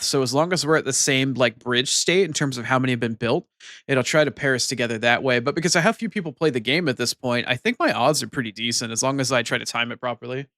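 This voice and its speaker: A man streaming and chatting casually with his viewers in an excitable way, swearing freely. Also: mid-range voice, dry recording, clean studio sound.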